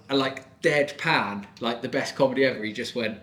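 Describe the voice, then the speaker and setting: Brief: man, board shaper guest on a podcast, animated storyteller, mid pitch, roomy room echo. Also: fairly quick, hardly any pauses. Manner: chatty, animated storytelling with frequent laughs. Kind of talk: casual podcast chat.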